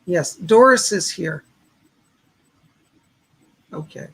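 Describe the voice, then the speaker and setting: A man hosting a livestream of psychic readings, hoarse and losing his voice, who gently relays messages and reassures each viewer. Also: high voice, expressive, very slow. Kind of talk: live psychic readings answering chat.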